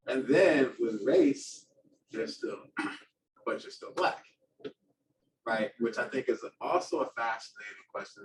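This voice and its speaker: A man on a discussion panel, speaking in a reflective, animated way about working with young people. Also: mid-range voice, reverberant. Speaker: panelist, community youth worker. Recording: distant mic with room noise.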